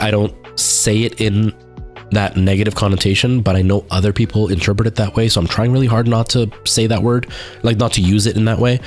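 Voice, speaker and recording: Man, streamer, deep-ish voice, rambling casual anecdote full of "like" and "um", soft music under him. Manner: rambling storytelling with many fillers and restarts. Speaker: live streamer. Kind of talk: casual chat.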